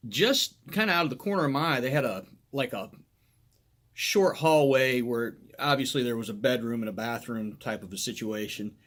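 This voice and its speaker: A man's voice: mid-range voice, fairly bright tone. A middle-aged man, a former police officer, telling a crude, funny anecdote in a casual way and often laughing as he goes.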